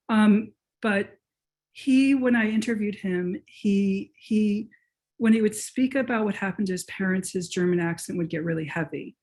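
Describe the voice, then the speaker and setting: A woman's voice: medium pitch, darkish tone. Enthusiastic woman author answering questions. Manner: enthusiastic, thinks aloud with restarts. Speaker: author and professor being interviewed. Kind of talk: conversational lecture Q&A. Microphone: video call.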